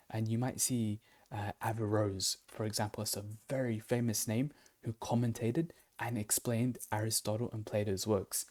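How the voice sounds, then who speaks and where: A man's voice: medium pitch, darkish tone. A man giving a casual explanatory lesson in a loose, conversational way, with fillers and self-corrections. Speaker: online teacher.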